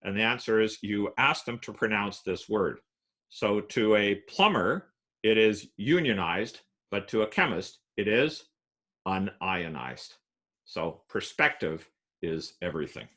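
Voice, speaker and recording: A man giving a playful lecture on wordplay, explaining puns with many filler pauses. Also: lowish voice, animated, fairly bright tone. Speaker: guest lecturer.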